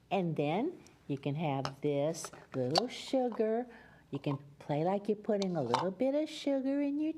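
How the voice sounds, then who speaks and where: A woman hosting a children's show, reading a fairy tale aloud in a gentle, sing-song way and speaking to young children. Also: mid-range voice, background noise.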